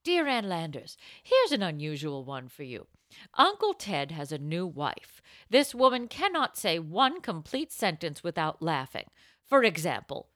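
A woman co-hosting a casual podcast, reading advice letters aloud and telling stories with animated, laugh-filled delivery. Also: lowish voice, unhurried, no echo, clean studio sound. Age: adult. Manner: animated, bursts into laughter and acted-out quotes. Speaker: podcast co-host.

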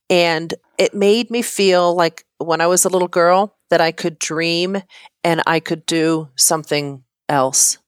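A woman's voice: fairly low pitch, no room sound, studio quality. A middle-aged woman, an interior designer, talking earnestly as a podcast guest. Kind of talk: casual interview chat.

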